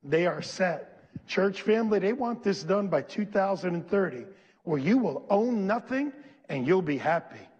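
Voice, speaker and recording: A high, husky male pastor preaches at a slow, deliberate pace, calling on the congregation to repeat lines after him and climbing to shouted peaks. His voice rings with a long church reverb. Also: lively intonation, muffled recording. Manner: emphatic call-and-response preaching, leading the congregation in repeating lines; slows and stresses key phrases, rising to shouts. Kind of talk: sermon.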